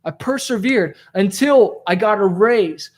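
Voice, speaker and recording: High-voiced man giving an animated pep talk. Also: measured pace. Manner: animated, conversational, peppered with "like" and "okay?". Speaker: rap rock musician giving motivational talk. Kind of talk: motivational storytelling to camera.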